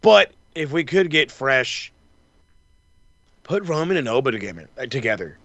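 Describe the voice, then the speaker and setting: Animated, foul-mouthed man with a bright, gravelly voice. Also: medium pitch, moderate pace, no echo. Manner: animated, profane, acts out wrestler reactions. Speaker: wrestling podcast host. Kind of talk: casual chat.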